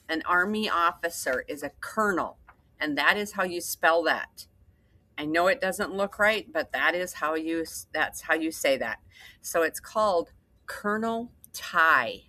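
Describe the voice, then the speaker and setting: A woman teacher reading a story aloud and slowly explaining vocabulary words with patient repetition. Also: lowish voice, sharp tone, no echo.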